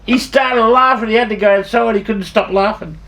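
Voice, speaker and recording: A man's voice: high-pitched, fairly quick, fairly bright tone, a little hiss or hum. Older Australian man spinning yarns. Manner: swearing freely, restarting sentences, laughing at his own stories. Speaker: storyteller. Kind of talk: rambling anecdotal storytelling.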